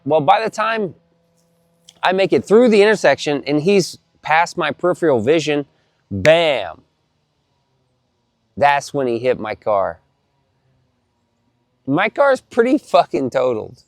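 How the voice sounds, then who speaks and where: A man casually telling a story to the camera, animated and profane, often repeating himself. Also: on the high side, measured pace, pauses often, dry recording, studio quality.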